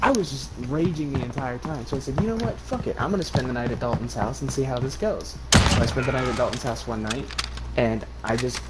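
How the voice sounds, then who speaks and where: A young man from Arizona co-hosting a podcast, telling stories in a casual, animated way and swearing freely. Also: medium pitch, brisk. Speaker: podcast co-host. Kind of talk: casual chat. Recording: loud background noise.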